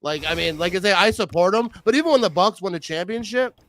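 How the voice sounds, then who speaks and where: A man's voice: high-pitched, lively intonation, fast, a bit bright, slight background noise. A young man co-hosting a podcast in casual sports chat, joking and saying "dude" a lot. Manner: laid-back, joking, says "dude" a lot. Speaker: podcast co-host.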